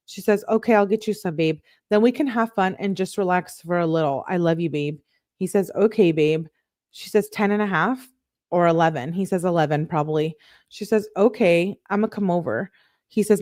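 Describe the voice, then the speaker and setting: Female commentator, lower register, dry recording; reads texts plainly, exasperated asides. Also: moderate pace, no room sound. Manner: reads both sides of the texts in a flat reading tone, breaks in with exasperated asides. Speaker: true crime commentator on a livestream. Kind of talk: reading out text messages with commentary.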